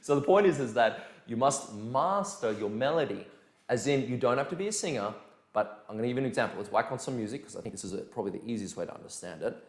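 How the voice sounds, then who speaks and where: A man teaching a dance lesson in a casual, energetic way, counting beats aloud. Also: mid-range voice, quick pace. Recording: echoey room with music behind.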